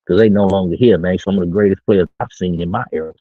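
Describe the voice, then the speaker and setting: Middle aged guy bragging in street slang, kinda low raspy voice, sounds thru a phone. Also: fairly even intonation, fast talker, hardly any pauses, dry recording. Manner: brash, boastful, slangy street talk. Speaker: streamer giving dating talk. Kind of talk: casual monologue to camera. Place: his own small studio room. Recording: tinny phone-like line.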